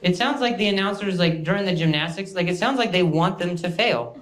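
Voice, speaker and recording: High-voiced man, sarcastic stand-up riffing. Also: brisk. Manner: sarcastic, mock-boastful, riffing. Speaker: stand-up comedian. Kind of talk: stand-up comedy set. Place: comedy stage. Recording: echoey venue with loud noise.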